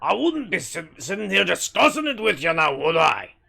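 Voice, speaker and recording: A gravelly, swaggering Scottish demolitions man. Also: sits high, very animated, normal speed, bright, forceful tone, faint music behind, full character voice. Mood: smug. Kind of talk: video game character dialogue.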